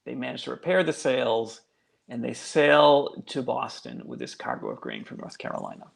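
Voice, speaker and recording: A man's voice: mid-range voice, huge pitch swings, moderate pace, creaky. A male guest author telling a local legend in a casual, chatty way, full of fillers. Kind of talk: casual storytelling.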